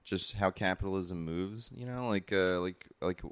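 Rambling young-sounding man, low voice. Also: moderate pace, clear, resonant tone, no echo. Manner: rambling, many fillers, laughs often. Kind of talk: casual chat.

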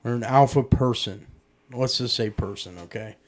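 Podcast co-host, man, blunt and earnest, mid-pitch everyday voice. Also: moderate pace. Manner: earnest, blunt, advice-giving. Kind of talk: casual podcast chat.

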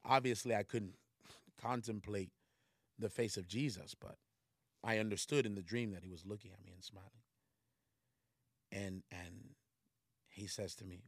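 A man's voice: lowish voice, steady tone, moderate pace, pauses often, dry recording, studio quality. A man giving a casual, slangy sermon to a livestream audience, talking conversationally and rising into emphatic preaching.

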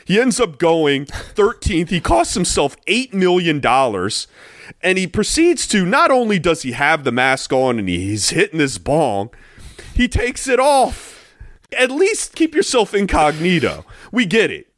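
Male podcast co-host, higher voice, animated and blunt, profane, dry mic. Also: unhurried, dry recording. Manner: blunt, swears freely, animated. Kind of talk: casual chat.

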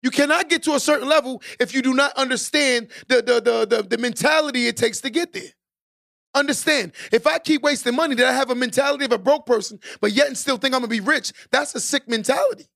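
A man hosting a podcast, delivering an emphatic, preachy motivational monologue that repeats key lines and builds to shouted exhortations. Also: extremely high pitch, quick pace, vocal fry. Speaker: podcast host.

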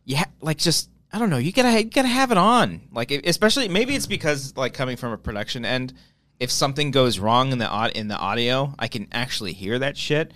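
A man's voice: medium pitch, sing-song, a little fast, fairly bright tone, no echo. A man hosting a podcast in a studio, chatting casually, joking and swearing freely. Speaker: podcast host. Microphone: studio mic with headphones.

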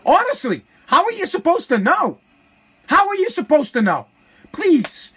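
A man's voice: extremely high pitch, very animated, a little slow, pushed and bright, breathy edge. A man hosting a show, delivering a heated, profane opinion rant and repeating phrases for emphasis.

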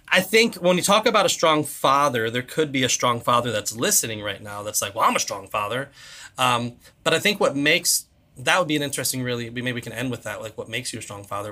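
Casual podcast co-host, man in his thirties, bright tone, animated storyteller who voices the people he quotes. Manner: animated storyteller, acts out quotes with big pitch jumps. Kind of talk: casual chat.

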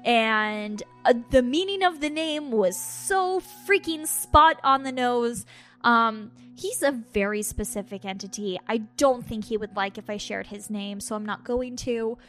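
A woman on a podcast, casually telling a personal story with animated asides and acted-out quotes. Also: on the high side, measured pace, soft background music. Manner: animated storytelling, acts out her own quotes with laughs. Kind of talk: casual chat.

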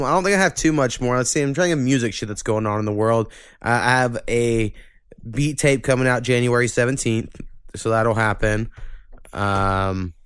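A man's voice: mid-range voice, clear, resonant tone, no room sound, clean studio sound. A man hosting a podcast, chatting casually and ranting with lots of swearing. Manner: profane, ranting, animated when annoyed. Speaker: podcast host.

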